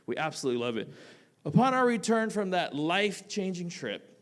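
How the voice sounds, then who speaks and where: Animated man telling a story on stage. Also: high-pitched, brisk. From United States. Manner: animated, swinging from loud bursts to quiet asides; casual, with frequent "like" fillers. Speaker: teacher telling a personal story. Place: theatre stage.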